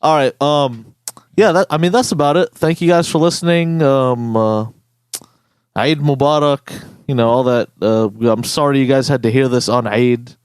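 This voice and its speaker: A young man hosting a podcast, ranting in a casual, profane, animated way. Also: medium pitch, normal speed, clean tone, dry recording. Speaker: podcast host.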